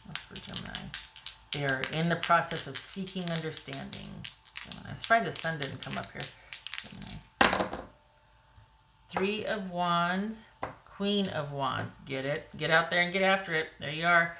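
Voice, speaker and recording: A woman giving a casual, rambling tarot reading to viewers, her voice getting a little hoarse. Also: low voice, very animated, a little fast, reverberant, very noisy. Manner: chatty, rambling, frequent "you know" and "like". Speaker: tarot reader.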